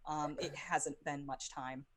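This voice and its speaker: A woman narrating a recap and describing scenes as dungeon master, often pausing with ums. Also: sits low, steady tone, a little hiss or hum. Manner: hesitant, many ums. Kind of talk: narrating a tabletop game.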